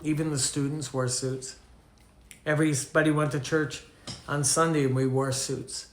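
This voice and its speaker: An older Canadian man preaches a teaching sermon, sharing anecdotes conversationally and putting questions to his listeners. His voice sits on the high side with fairly even intonation and a moderate pace, in an echoey room.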